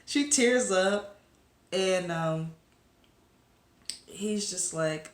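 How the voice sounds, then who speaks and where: A woman's voice: fairly low pitch, extremely slow. Chatty woman vlogger in an echoey room. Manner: chatty, rambling with fillers and asides to viewers. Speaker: webcomic reviewer. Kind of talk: casual recap chat to camera.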